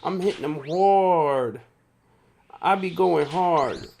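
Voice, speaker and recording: Slow, gravelly-voiced male streamer. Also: a little high, darkish tone. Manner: chatty, reads and answers viewer chat, frequent laughs. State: tired. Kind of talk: casual live gameplay commentary.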